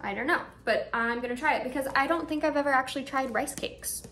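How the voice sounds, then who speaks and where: A young woman with a fairly high voice talks through her shopping haul in a casual, excited way, thinking aloud as she tries each snack. She is at home, and a faint hum runs under her voice. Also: fast talker. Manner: chatty, excited, thinks aloud while tasting. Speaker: vlogger. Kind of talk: casual haul and taste-test vlog. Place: indoors at home, air conditioner running.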